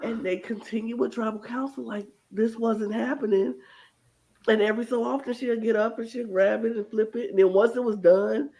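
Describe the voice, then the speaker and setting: An animated co-host retelling a show in casual chat, slipping into lively acted-out quotes of the people involved. The voice sits at an everyday middle pitch. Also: normal speed, rough recording. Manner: animated storyteller who acts out quotes. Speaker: podcast co-host.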